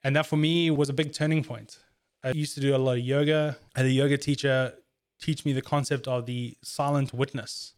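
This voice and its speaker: A man's voice: medium pitch, flat delivery, a little fast. A man chatting casually in an earnest, reflective way, telling stories about handling his own emotions. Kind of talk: casual chat.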